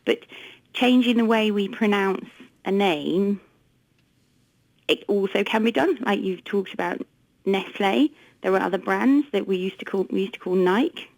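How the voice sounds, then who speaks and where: A woman's voice: mid-range voice, normal speed, gravelly, pauses often, darkish tone, dry recording, poor audio. A woman being interviewed on the radio as a research director, often repeating words as she thinks aloud. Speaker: guest, market research director.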